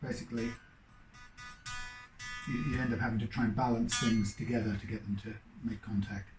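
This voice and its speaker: A man's voice: lowish voice, steady tone, fairly quick. A man working as a guitar technician, rambling and thinking aloud in casual commentary while he works at his bench. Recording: roomy workshop echo.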